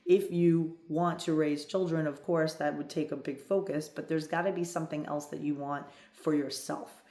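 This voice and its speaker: A woman's voice: low voice, steady tone, normal speed, warm tone. A woman in her fifties, a love coach, talking in a direct, emphatic coaching monologue and often checking in with "right?". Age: 50s. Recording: echoey room.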